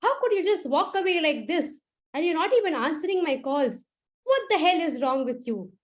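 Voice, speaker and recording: A forceful young man shouting his questions in a storytelling performance, high-pitched and scolding, played by a woman narrator. He sounds fed up and demanding. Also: sing-song, moderate pace. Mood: furious. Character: angry young man, a forceful music teacher.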